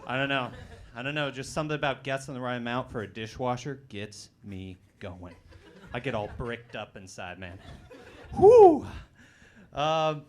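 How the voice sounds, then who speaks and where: A young man in his twenties from Colorado, doing a stand-up set on a comedy club stage with a loud, punchy delivery and bursts of shouting. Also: mid-range voice, normal speed, a little hiss or hum. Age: 20s.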